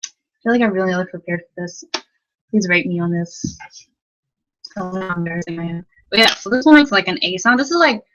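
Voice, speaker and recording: A woman's voice: lowish voice, fairly quick, long pauses, a bit bright, highs cut off. A young woman teaching a casual livestream lesson from her bedroom at night, rambling, giggly and self-deprecating, with lots of "like.". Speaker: language tutor.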